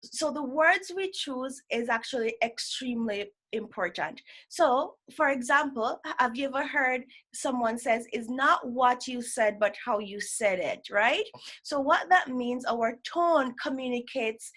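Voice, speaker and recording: A woman's voice: high-pitched, a little slow, fairly bright tone. A woman presenting an educational session, explaining ideas step by step and checking in with "right?". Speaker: workshop presenter.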